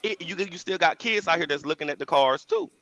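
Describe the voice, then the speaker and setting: A man's voice: fairly high pitch, animated, a little fast, pushed and bright, dry recording, highs cut off. A man in a casual online car talk, pressing another panelist with repeated questions. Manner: probing, repeats questions to pin down a point. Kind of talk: casual group discussion.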